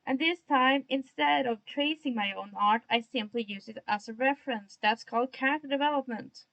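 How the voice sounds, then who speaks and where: A woman's voice: high-pitched, normal speed, vocal fry, fairly bright tone, muffled recording. A young woman streaming while she draws, chatting to herself in a self-mocking way and remarking on her own odd tone of voice. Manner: admits to an odd put-on tone today. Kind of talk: casual livestream chat while drawing.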